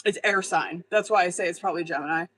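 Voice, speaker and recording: Casting: young woman tarot reader on a live stream, bright tone, blunt, swears a lot, chatty. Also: on the low side, quick pace, slight background noise, rough recording. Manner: blunt, profane, chatty, laughs often.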